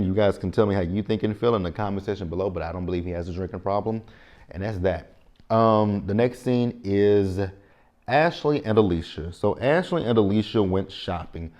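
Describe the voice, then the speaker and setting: In this clip a man in his thirties with a Southern US accent recaps a TV episode as a show recap vlogger. His voice is low and slightly mellow, and he rambles along in a chatty, informal way, sprinkling in slang as he reviews the show.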